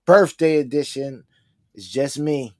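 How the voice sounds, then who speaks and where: A man's voice: medium pitch, measured pace, crowd noise. Laid-back slangy man co-hosting. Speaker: co-host. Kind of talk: casual live-stream chat.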